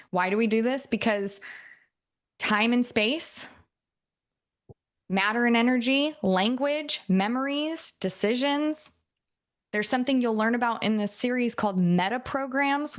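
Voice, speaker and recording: Woman, coach, casual lesson, chatty, laughs, acted-out quotes. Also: medium pitch. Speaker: NLP coach. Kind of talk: casual teaching talk.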